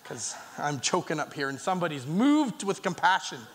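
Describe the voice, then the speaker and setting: A man's voice: a little high, very animated, fairly bright tone, slight background noise. A man preaching a sermon in a church, earnest and reading scripture, with a slight cough. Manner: earnest, with pauses and restarts, reading scripture aloud. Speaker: pastor. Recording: long reverb of a church hall.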